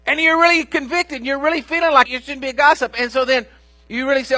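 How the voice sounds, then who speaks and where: A male pastor preaching a sermon, folksy and animated, acting out inner dialogues and talking straight to the congregation. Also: very high voice, fast. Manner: animated, acts out inner dialogues in shifting voices; folksy, addresses congregation directly.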